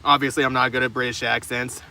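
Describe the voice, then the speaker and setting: Speaking fast with little pitch movement, a young man's medium-pitched voice comes across bright and forceful. He's live streaming from the open trunk of his car in the rain, replying to viewers in a rambling, profane way and often restarting what he says. Faint rain and passing cars sound in the background.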